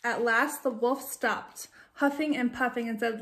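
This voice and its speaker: A woman teacher reading a children's picture book aloud, gentle and expressive, with chatty asides to young listeners. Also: a little high, a little slow, hardly any pauses, echoey room.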